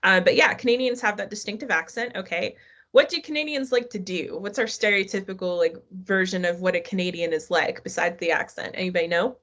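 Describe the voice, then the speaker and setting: A woman's voice: medium pitch, brisk, a bit bright. A middle-aged woman teaching a live online history class, talking casually and asking her students questions. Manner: conversational, asks the class questions.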